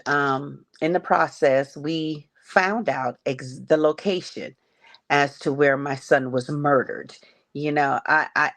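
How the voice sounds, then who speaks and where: A middle-aged woman slowly and haltingly telling a painful personal story as a podcast guest. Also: sits low. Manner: slow, halting, emotional retelling. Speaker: guest sharing her story. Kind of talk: personal testimony on a grief podcast.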